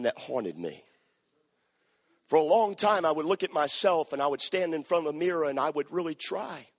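High-voiced preacher in a ringing hall. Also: male voice. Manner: dramatic storytelling, acting out quoted voices; emphatic, rising to loud exhortation. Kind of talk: sermon. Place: church sanctuary. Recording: long reverb of a church hall.

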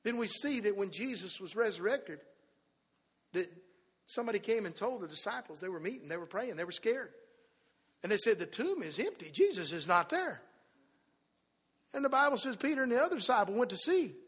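A man preaching a sermon in a church, telling the story and acting out the people in it, dropping to a hush and then rising loud again. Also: high voice, animated, fairly quick, husky. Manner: storytelling, acts out quoted voices, swings from hushed to loud. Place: church sanctuary. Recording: long hall reverb.

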